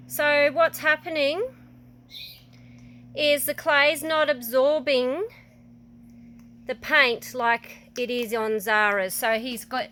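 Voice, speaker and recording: A woman leads a hands-on ceramics class, explaining each step patiently as she guides children. Her voice sits a little high, and she speaks slowly and unhurriedly. A faint background hiss runs under the recording. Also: bright, forceful tone. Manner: patient, explanatory, talks to children while demonstrating. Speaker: ceramics workshop instructor. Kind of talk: casual hands-on demonstration.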